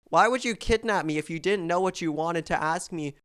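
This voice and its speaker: A podcast co-host with a deadpan, sarcastic delivery in a comedy sketch. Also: mid-range voice, brisk, noisy background.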